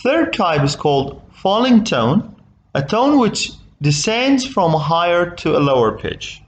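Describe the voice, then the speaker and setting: A man with an Arabic accent teaching a recorded English lesson, explaining slowly and often checking with "okay?". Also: high-pitched, sing-song.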